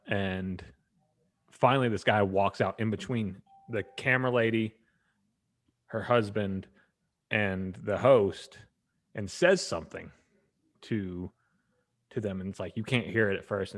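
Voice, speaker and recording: Guy on a sports podcast, lowish voice, rambling story, acts out what people said. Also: unhurried, pauses often. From Atlanta area. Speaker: podcast co-host. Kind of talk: casual chat.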